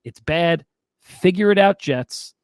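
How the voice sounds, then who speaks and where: Fired up guy ranting about football, kinda high voice, dry close mic. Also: lively intonation, slow, clear, resonant tone, no room sound. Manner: ranting, exasperated. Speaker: fantasy football podcast host. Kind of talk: casual sports commentary.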